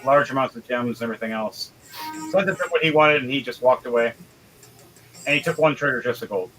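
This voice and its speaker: A man's voice: mid-range voice, brisk, fairly bright tone, faint music behind, low-quality recording. A man running a tabletop game as game master, narrating casually with fillers.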